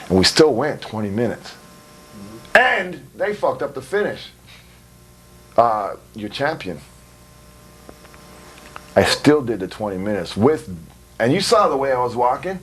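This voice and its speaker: A man's voice: medium pitch, very animated, unhurried, pauses often, fairly bright tone, slightly rough. A man giving a blunt, rambling interview, swearing freely and laughing between stories. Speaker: interviewee, wrestler. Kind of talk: casual profane interview. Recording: recorded in 2002.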